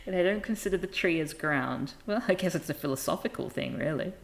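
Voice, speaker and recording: A woman's voice: lowish voice, brisk, a little hiss or hum. A woman streaming live, reading comics aloud with wry, amused, self-deprecating asides.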